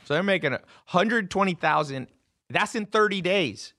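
A man's voice: high-pitched, expressive, moderate pace, bright, forceful tone. A man hosting a podcast in casual chat, telling brash stories and swearing freely. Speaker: podcast host. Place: studio table with guests.

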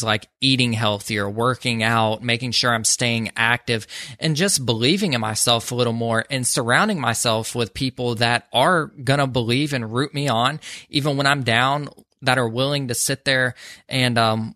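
A man's voice: medium pitch, bright, forceful tone, no room sound, studio quality. A young man hosting an interview, earnest and affirming as he asks questions and shares his own story. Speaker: podcast host. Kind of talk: interview conversation.

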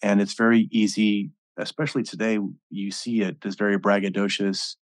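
A man hosting a podcast interview, speaking in a measured, reflective way. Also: fairly low pitch, level tone, dry recording, studio quality. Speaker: podcast host. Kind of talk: interview talk.

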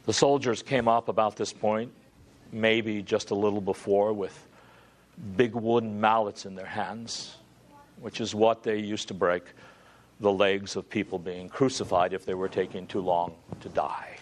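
A man preaching a sermon, swinging from hushed, low passages to loud, dramatic climaxes. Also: level tone, measured pace. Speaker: pastor.

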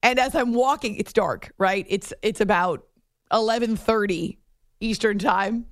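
A middle-aged woman hosting a late-night sports radio show, chatty and animated, in a studio. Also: mid-range voice, a little slow, no echo. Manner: chatty, animated storytelling with laughs and restarts. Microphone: studio microphone.

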